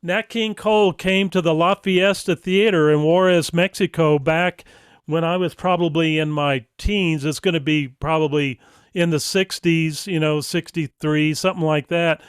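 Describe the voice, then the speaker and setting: Older male host with a smooth, dry voice. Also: fairly high pitch, normal speed, no echo. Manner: relaxed and conversational. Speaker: radio host. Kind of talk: casual interview.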